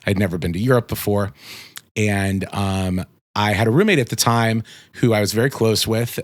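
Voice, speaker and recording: A man's voice: lowish voice, no echo. Rambling man in his forties. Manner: rambling, full of "like" fillers. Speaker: podcast guest. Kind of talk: casual storytelling.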